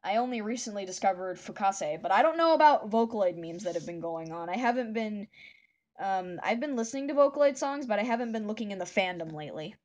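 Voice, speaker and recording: A woman's voice: mid-range voice, animated, quick pace, darkish tone. Woman vlogger who chats while drawing, rambly, with lots of ums, in an ordinary mid-range voice. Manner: chatty, rambling, many fillers. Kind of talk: casual chat while drawing.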